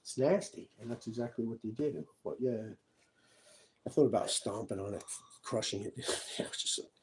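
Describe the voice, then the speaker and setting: Rambling man with a mellow voice. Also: medium pitch, rough recording. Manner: halting, with frequent restarts and repeated words. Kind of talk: rambling personal monologue.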